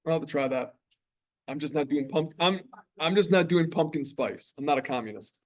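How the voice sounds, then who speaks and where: A man's voice: a little high, normal speed. A man from New York giving a college biology lecture in a classroom, talking in a chatty, conversational way and often checking in with "right?". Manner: conversational, chatty, with frequent tag questions.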